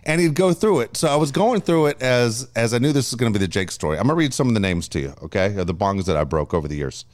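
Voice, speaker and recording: A man's voice: mid-range voice, quick pace. A middle-aged man chats casually on a podcast, spinning family stories in an easygoing tone. His delivery is loose and conversational, with swearing dropped in offhandedly. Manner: laid-back, animated when acting out his son's yelling. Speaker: podcast co-host, father. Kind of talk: casual storytelling chat.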